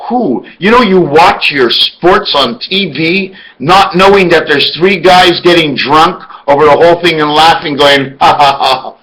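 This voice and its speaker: Emphatic man with a bright voice. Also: a little high, a little slow, few pauses, rough recording. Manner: emphatic, fires off rhetorical questions; spells words out letter by letter. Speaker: video blogger. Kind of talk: rambling monologue.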